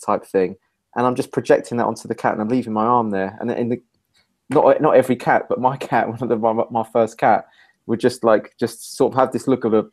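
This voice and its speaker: A man's voice: medium pitch, brisk, darkish tone. A man hosting a casual podcast conversation, telling a rambling anecdote and laughing easily. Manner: rambling, laughs easily, many listening hums.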